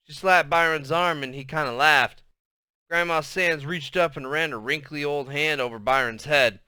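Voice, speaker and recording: A man reading a novel aloud as storybook narration, in a lively, expressive way. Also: fairly high pitch, moderate pace, smooth, dry recording, clean studio sound. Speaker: audiobook reader.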